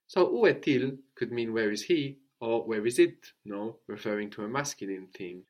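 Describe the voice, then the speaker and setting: A man teaching French to a student, explaining slowly and repeating phrases for her to copy. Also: fairly low pitch, lo-fi sound. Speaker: language teacher.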